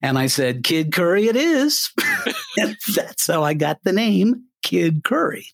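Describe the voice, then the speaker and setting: An older man from Colorado, a retired radio DJ, has a high, gravelly voice and speaks at a measured pace. As an interview guest, he tells stories animatedly and acts out the voices in them. The audio is studio quality with no echo.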